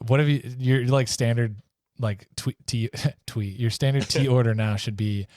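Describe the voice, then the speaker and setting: A man's voice: medium pitch, fairly even intonation, moderate pace, a little mellow, no echo, clean studio sound. A man co-hosting a podcast, joking in casual banter and laughing often. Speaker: podcast co-host.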